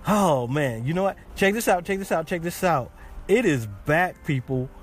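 A man's voice: fairly high pitch, lively intonation, normal speed, a little hiss or hum. A man hosting a casual podcast, chatting in a rambling way with many restarts. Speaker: podcast host. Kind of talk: casual chat.

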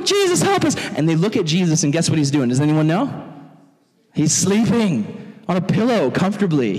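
A man preaching to young people as their pastor, animated and jokey, acting out quotes in funny voices. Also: high voice. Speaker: youth pastor. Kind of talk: sermon. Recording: long hall reverb.

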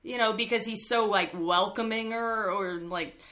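A woman's voice: on the high side, moderate pace, bright, forceful tone. A woman co-hosting a podcast, chatting casually and filling her talk with "like" and "uh". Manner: chatty, fills with "like" and "uh". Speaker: podcast co-host. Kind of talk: casual chat.

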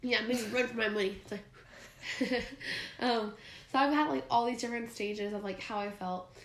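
A woman's voice: a little high, normal speed, a bit bright. A young woman co-hosting a podcast, chatting casually and giggling, her voice still recovering from being lost. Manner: casual, giggly, filler-heavy. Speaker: podcast co-host. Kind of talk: casual chat. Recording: roomy echo.

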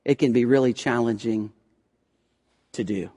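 A male pastor preaching a sermon with passion, swinging from loud pleading prayers to hushed, quiet lines, often repeating words as he restarts. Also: mid-range voice, steady tone, normal speed, long pauses, long reverb tail. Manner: impassioned, rising to loud prayerful pleas then dropping to hushed tones.

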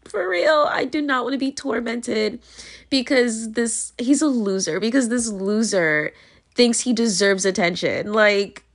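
A woman's voice: on the high side, a little slow. A young woman talking straight to her audience, venting in a rambling, emotional way with many filler words, scared and close to tears. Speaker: vlogger. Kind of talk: casual venting monologue.

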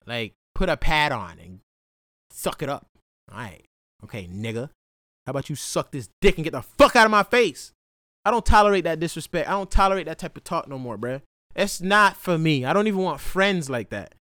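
A man's voice: fairly high pitch, very animated, a little fast, sharp tone, no echo, clean studio sound. A young man in a casual, profane, slang-heavy monologue, rambling as he gives blunt advice. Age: young adult. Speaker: vlogger.

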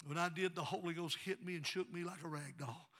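A man, preaching a sermon and telling stories, swinging from quiet narration to shouted praise. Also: fairly high pitch, steady tone, fairly quick. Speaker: pastor. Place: church sanctuary.

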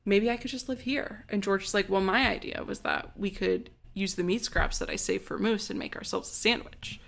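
A woman with a gravelly, fry-heavy voice runs through a TV episode in casual podcast chat. She keeps a quick, dry, sardonic pace and breaks into acted lines from the characters. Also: mid-range voice, fairly even intonation, fairly bright tone. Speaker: podcast co-host.

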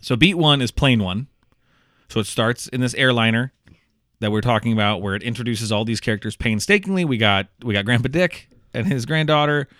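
A man co-hosting a podcast, animated and rambling in a casual movie review chat. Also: medium pitch, brisk, no echo, clean studio sound. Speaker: podcast co-host.

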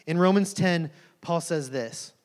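A man's voice: fairly high pitch, measured pace. A man giving a missions sermon as a guest speaker, telling a story in an earnest way. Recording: long reverb of a large hall.

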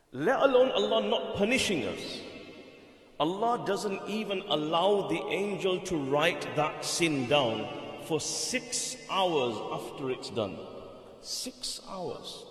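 Emphatic male preacher in echoing hall. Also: on the high side. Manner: emphatic, repeats phrases, rhetorical questions. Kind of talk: sermon. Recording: reverberant hall.

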